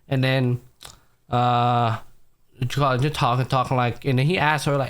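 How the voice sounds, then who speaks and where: A man's voice: medium pitch, fairly quick. A young man with a mid-range voice chats casually on a podcast, walking through anime episodes scene by scene. He jumps into the characters' lines as he retells them, and his talk is loose and full of slang and the odd curse. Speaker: podcast host. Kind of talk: casual anime recap chat.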